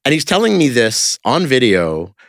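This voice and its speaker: A man's voice: medium pitch, wildly swooping pitch, moderate pace, no echo, studio quality. A man talking casually as a podcast guest, telling stories in a rambling way with lots of fillers and restarts. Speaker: interview guest, creator of a street-question video project.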